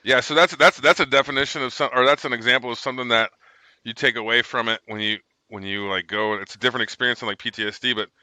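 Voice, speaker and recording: तीस के दशक का एक आदमी, सेना का पूर्व सैनिक, जो खुलकर गालियों के साथ भटकती हुई कहानियाँ सुनाता है।. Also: male voice, mid-range voice, steady tone, quick pace, sharp tone, dry recording, poor audio. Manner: rambling, profane storyteller. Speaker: military veteran guest. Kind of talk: casual chat.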